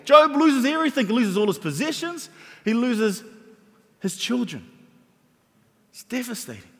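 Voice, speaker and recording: A man's voice: very high voice, very animated, moderate pace, fairly bright tone. A man preaching a sermon, talking animatedly and conversationally, often restarting his sentences. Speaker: pastor. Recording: hall with long reverb.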